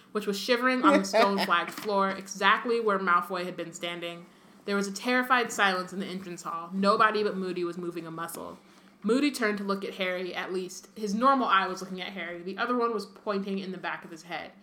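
Young female podcast co-host, reads the book aloud with chatty asides, bright tone, echoey room. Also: mid-range voice. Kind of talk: casual chat and reading aloud.

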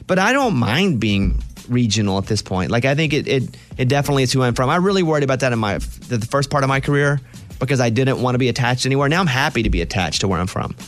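A man's voice: medium pitch, quick pace, faint music behind. Chatty Southern man hosting radio. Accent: Southern US, Arkansas. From Arkansas. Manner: chatty, animated, self-deprecating. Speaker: radio show host. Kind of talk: casual radio talk.

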